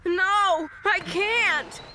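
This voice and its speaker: A timid, nervous talking crane from a children's cartoon, stumbling over his words with lots of ums and uhs. The voice sits very high and crawls along slowly. There is music behind him. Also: a little hiss or hum, full character voice. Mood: frightened. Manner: hesitant, stammering, unsure. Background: music score.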